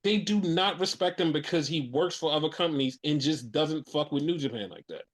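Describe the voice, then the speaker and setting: A man's voice: fairly high pitch, fairly quick. A man hosting a casual podcast, ranting and swearing heatedly as he tells his stories with lots of energy. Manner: excitable, animated storytelling. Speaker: podcast host. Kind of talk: casual wrestling podcast chat.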